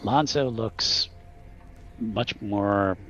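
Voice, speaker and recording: A man narrating as game master of a tabletop game in a relaxed storytelling manner. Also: fairly low pitch, drawn-out words, soft background music. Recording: dull lo-fi recording.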